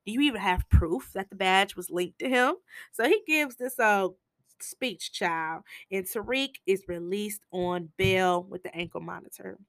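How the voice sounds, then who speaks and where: Woman host, casual show recap, lively slangy storyteller, bright tone. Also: mid-range voice, a little slow, no room sound. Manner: animated storytelling with slangy asides. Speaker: TV episode recapper.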